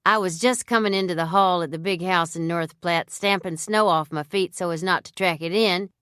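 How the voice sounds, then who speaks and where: Brief: female audiobook narrator, first-person, measured delivery, low smooth voice. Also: no room sound, studio quality. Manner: measured, even storytelling.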